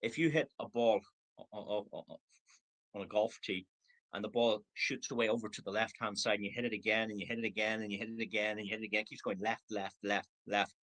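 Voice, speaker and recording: A man's voice: fairly low pitch, steady tone, fast talker, a bit bright, low-quality recording. A man in his sixties giving a motivational training talk over a video call, acting out replies in quoted voices. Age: 60s. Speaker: network marketing trainer.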